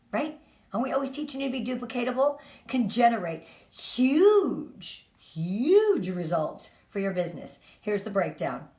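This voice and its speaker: A middle-aged woman giving an energetic, emphatic motivational talk to her sales team. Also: fairly high pitch. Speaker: team leader. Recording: echoey room.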